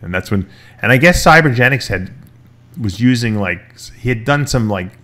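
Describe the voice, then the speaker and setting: A man's voice: medium pitch, animated, normal speed, bright, forceful tone. A man hosting a casual talk show, telling a long story with restarts and quoted voices. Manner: rambling, retells stories with quoted voices, many restarts. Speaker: podcast host.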